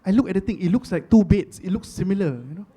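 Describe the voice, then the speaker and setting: A man with a Singaporean accent performing a stand-up comedy set, chatty and animated, repeating lines for effect. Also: high-pitched, quick pace, breathy edge. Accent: Singaporean English. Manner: animated, chatty, rhetorical repetition.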